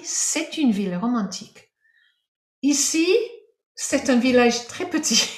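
A woman teaching French in an online lesson, explaining grammar with lively emphasis and spoken French examples. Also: fairly high pitch, roomy sound.

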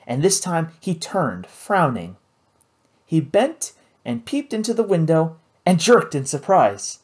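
A man's voice: medium pitch, darkish tone. A man reading a novel aloud as an audiobook narrator, telling the story expressively. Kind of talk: scripted narration.

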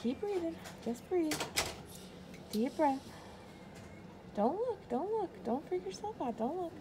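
A woman's voice: very high-pitched, very animated, a little slow, noisy background. A woman vlogging at a hospital clinic, talking a child through a procedure in a soothing, repetitive way. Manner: soothing, coaching breaths, repeating herself. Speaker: parent vlogger. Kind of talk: vlog chat and soothing a child.

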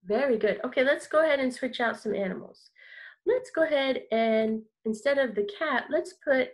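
A woman's voice: sits high, normal speed. A woman teaching an online kindergarten music lesson, upbeat and encouraging, leading call-and-response.

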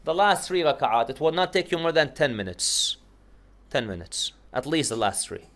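A man giving a religious lecture to a congregation, moving from calm advice into a loud, rising lament. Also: fairly high pitch, moderate pace. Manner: moves from calm teaching into loud, rising, tearful chanted lament. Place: lecture hall.

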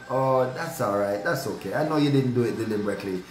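A man's voice: mid-range voice, brisk, hardly any pauses. A man leading morning prayer as a pastor, fervent and repetitive, stumbling over words and calling out hallelujah. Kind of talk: prayer and devotional sermon. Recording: roomy echo, faint background noise.

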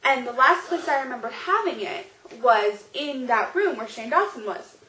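A young woman with a high voice tells a story straight to camera, bubbling over with excitement and "like" after "like". The room around her is roomy and echoey. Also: normal speed, a little hiss or hum. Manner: gushing, excitable, heavy use of "like". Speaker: vlogger. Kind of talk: casual storytelling vlog. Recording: roomy echo.

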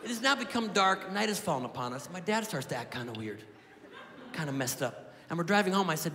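Stand-up comic, man in his thirties, high lively voice, live club with long reverb and a loud audience. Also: fast. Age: 30s. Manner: animated, profane storytelling with acted-out dialogue. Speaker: stand-up comedian. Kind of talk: stand-up comedy routine. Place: comedy club stage with audience.

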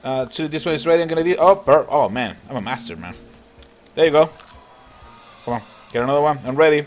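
A man hosting a gaming channel, chatting excitedly and laughing as he comments on a mobile cooking game. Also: a little high, fast. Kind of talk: casual gameplay commentary. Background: game music.

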